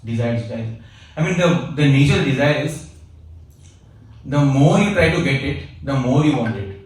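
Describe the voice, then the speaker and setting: A man's voice: mid-range voice, expressive, normal speed, darkish tone. Man lecturing in an echoey room. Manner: conversational, repeats key phrases, hesitant fillers. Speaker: spiritual teacher. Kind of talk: informal class lecture with anecdotes. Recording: echoey room, speaker far from mic, faint noise.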